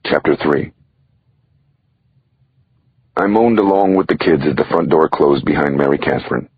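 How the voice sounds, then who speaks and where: Man, audiobook narration, extremely deep voice, gravelly, very husky, wry first-person delivery, dry dull lo-fi recording. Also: moderate pace, no room sound.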